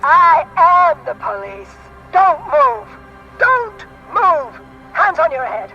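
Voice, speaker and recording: A man's voice: very high-pitched, big pitch swings, takes it slowly, creaky, over music, exaggerated voice. A voice actor playing a frail, terrified aging woman in police gear, barking orders through a megaphone. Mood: frantic. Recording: muffled and from a distance.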